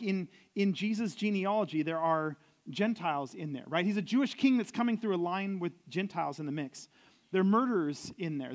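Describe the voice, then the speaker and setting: Young adult male pastor, high pitch, conversational sermon delivery with scripture read in a lower, softer voice.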